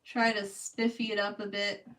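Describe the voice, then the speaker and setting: A woman's voice: mid-range voice, little pitch movement, moderate pace, a bit bright, far from the mic, low-quality recording. A young woman from California with a Californian accent, chatting casually with her live audience while she paints. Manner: chatty, laughs often, talks to chat. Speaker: art streamer.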